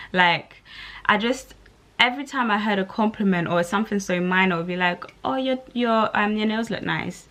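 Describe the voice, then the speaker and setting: A woman's voice: medium pitch, pushed and bright. A young woman, talking candidly to camera in a casual, rambling way, full of "like". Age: young adult. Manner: candid, rambling, lots of "like" fillers. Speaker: vlogger.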